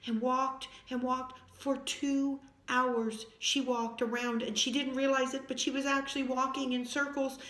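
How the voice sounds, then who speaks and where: A woman reading a children's story aloud with dramatic, expressive delivery. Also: sits high, unhurried, hardly any pauses. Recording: echoey room.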